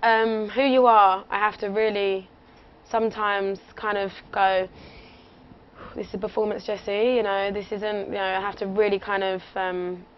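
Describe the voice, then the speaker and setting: A woman's voice: medium pitch, flat delivery, normal speed. Chatty young English woman, muffled audio. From England. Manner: chatty, giggly, rambling with fillers. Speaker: interview guest, singer. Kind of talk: casual radio interview chat. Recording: muffled lo-fi audio with faint noise.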